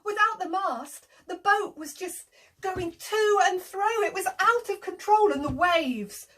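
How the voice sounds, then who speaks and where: A woman telling an interactive children's story, animated, gasping often, making sound effects and inviting the children to join in. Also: very high voice, measured pace.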